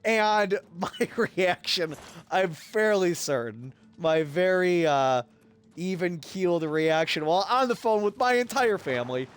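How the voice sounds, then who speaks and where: A man streaming a game and telling a rambling, profane story in a casual, animated way. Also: sits high, a little slow, clean tone, no room sound. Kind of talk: casual storytelling while gaming.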